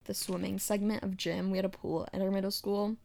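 A young woman co-hosting a podcast, telling her own stories in a relaxed way and saying "like" often. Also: medium pitch, fairly quick, gravelly. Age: young adult. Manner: relaxed, conversational, says "like" often. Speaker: podcast co-host. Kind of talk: casual chat.

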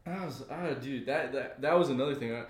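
A man's voice: medium pitch, brisk. A young man co-hosting a podcast, telling stories in a casual, joking way. He laughs as he talks and acts out the voices of the people in his stories. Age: young adult. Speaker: podcast co-host. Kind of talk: casual comedic storytelling. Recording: echoey room.

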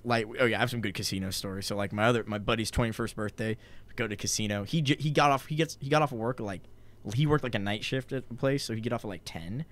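A man's voice: fairly low pitch, fast talker. A young man in his twenties telling a long, rambling, profane story in casual chat, full of "like" and "dude". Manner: rambling, profane, heavy on filler "like".

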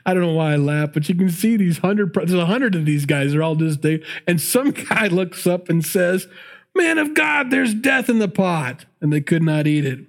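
Animated higher-voiced preacher teaching the Bible. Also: male voice, brisk, few pauses. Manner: animated, laughing, acting out the characters in the story. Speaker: pastor.

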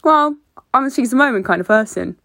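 An eager young man talks himself up for a job over the phone, voiced by a woman reading the story. The voice has a gravelly edge. The sound is dry and close. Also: a little high, expressive, a little fast, fairly bright tone, no room sound, pitched above the performer's own voice.

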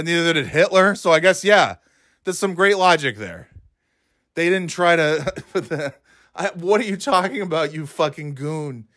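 A man's voice: a little high, fairly bright tone, no room sound, clean studio sound. A man hosting a podcast, ranting angrily and sarcastically with lots of profanity. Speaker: podcast host. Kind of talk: angry ranting monologue.

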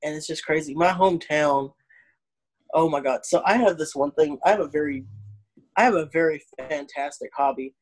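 A comedian from Arkansas, with a Southern accent and a slightly high voice at a moderate pace, tells stories in casual chat. His storytelling is animated, and he acts out the people he quotes.

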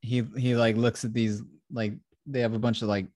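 A man's voice: medium pitch, little pitch movement, moderate pace, darkish tone, no room sound, clean studio sound. A young man in casual chat, rambling through a plot recap with lots of "he's like" asides. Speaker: podcast co-host reviewing a show.

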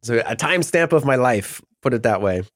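A man's voice: medium pitch, animated, brisk, dry recording, clean studio sound. A middle-aged man talking as a podcast guest in casual, rambling chat, often laughing mid-sentence.

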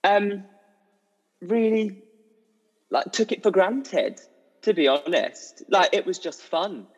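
A young man, a musical theatre performer, telling stories as a guest in an animated, giggly way. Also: high-pitched, slow, breathy edge. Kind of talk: casual chat. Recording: dull audio with long reverb.

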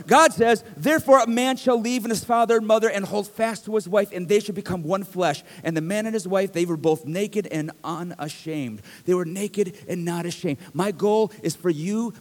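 A man's voice: high voice, long reverb tail. A middle-aged male pastor preaching a sermon in a conversational, joking way that rises to emphatic bursts, in a church. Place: church sanctuary.

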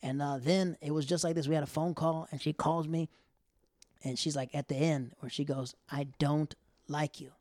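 A man with a fairly high voice spins a rambling personal story, acting out each line people said. He is recorded dry and close, with no room sound. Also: moderate pace, no echo. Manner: rambling, animated, acts out quotes. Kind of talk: casual storytelling.

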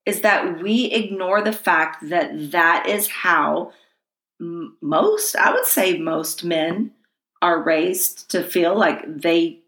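A woman hosting a podcast in casual chat, emphatic, agreeing often and laughing loudly. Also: on the low side, lively intonation, slow pace. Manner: emphatic, frequent yeahs and loud laughs. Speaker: podcast host. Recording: echoey room.

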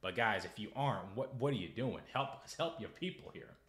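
A young American man hosting political commentary, ranting in a sarcastic, heated way with loud bursts and halting restarts. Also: on the low side, expressive, roomy sound. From United States. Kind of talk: casual commentary, ranting to camera.

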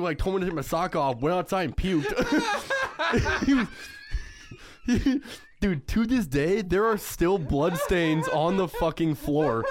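A young man co-hosting a podcast, telling a story casually, swearing a lot and laughing often. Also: sits high. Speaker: podcast co-host.

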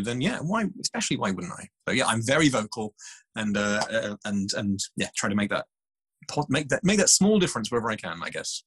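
Guy chatting on a podcast, kinda husky, lots of stop-start restarts. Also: mid-range voice, no room sound, poor audio. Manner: animated storytelling, many restarts. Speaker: scientist guest. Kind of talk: casual interview chat.

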